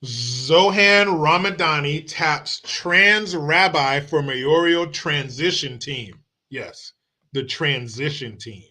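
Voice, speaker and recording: A man hosts his own stream and rants in a casual, mocking, combative way, full of profanity. His voice is bright and forward. It also sits a little high for a man. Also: slow. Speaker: political commentary host. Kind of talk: casual political rant. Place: home streaming setup.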